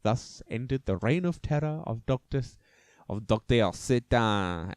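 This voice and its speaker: A man narrates a dark true story as a podcast host, in a middle-pitched voice. He is theatrical, slipping in jokey asides. The sound is dry and close, with no room echo. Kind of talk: casual true-crime storytelling.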